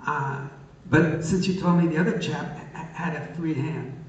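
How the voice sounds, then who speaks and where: A man's voice: a little high, measured pace. Older man telling wry stories in an echoey hall. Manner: wry, teasing storyteller with many hesitations. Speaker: guest answering audience questions. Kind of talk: live Q&A. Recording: echoey hall, far from the mic, dull sound.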